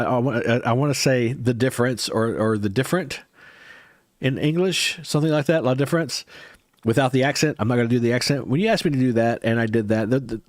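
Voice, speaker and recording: A man's voice: mid-range voice, dry recording, studio quality. Rambling man chatting on a livestream. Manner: rambling, hesitant, frequent restarts. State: stuffy nose. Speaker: livestream host. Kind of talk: casual livestream chat with viewers.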